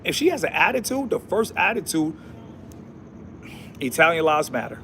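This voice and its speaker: A man's voice: fairly high pitch, very animated, normal speed, a bit bright, slight background noise. A man hosting a casual livestream, talking in a preachy, repetitive way with slangy speech and Bible verses. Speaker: livestream host.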